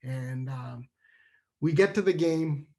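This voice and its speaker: Animated man telling a childhood story. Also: on the high side, takes it slowly. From New Hampshire, USA. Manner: animated, restarts often, acts out childhood dialogue. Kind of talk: live storytelling over a video call. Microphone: video call microphone.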